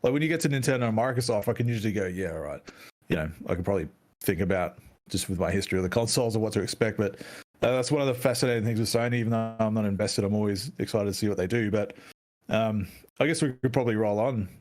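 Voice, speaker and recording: A man co-hosting a casual gaming podcast, chatty and excitable, swearing freely as he talks. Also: fairly low pitch, rapid-fire. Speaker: podcast co-host.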